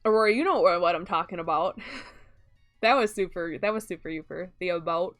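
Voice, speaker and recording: A young woman with a Midwestern lilt talks casually through a game stream. Her voice is smooth and clean, and she wanders from thought to thought with frequent laughs. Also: on the low side, fairly quick, a bit bright, faint music behind. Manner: chatty and rambling, often laughing. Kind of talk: casual chat while streaming gameplay.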